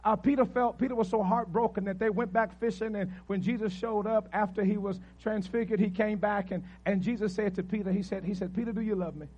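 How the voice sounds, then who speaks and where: A man preaching a sermon as pastor, telling a story with animated asides and repeated praise refrains. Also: high-pitched, a little fast, few pauses, slight background noise.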